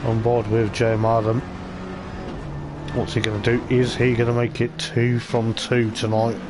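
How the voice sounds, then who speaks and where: A man's mid-range voice, completely flat in delivery and moderate in pace, carries chatty, wandering live commentary of an online racing league event. Engine sounds from the racing game are clearly heard behind the voice.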